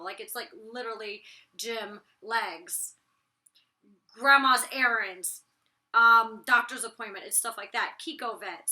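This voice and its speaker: A young woman with a raspy voice, chatting bluntly and casually about her own reality TV episode, full of slang and mild swearing. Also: medium pitch, pushed and bright. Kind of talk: casual vlog commentary.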